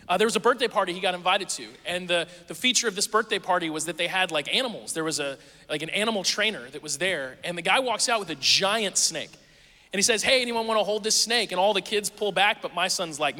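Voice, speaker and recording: A man in his thirties delivers a sermon with a high, bright voice, easing from casual family stories into earnest teaching. His words carry a long reverb from the church hall he speaks in. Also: quick pace. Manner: storytelling, conversational with animated quoting. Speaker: pastor. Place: church auditorium.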